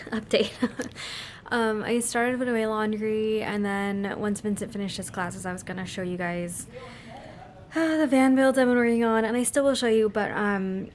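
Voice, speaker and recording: A young adult woman chatting casually in a vlog, rambling with lots of fillers. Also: mid-range voice. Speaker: vlogger.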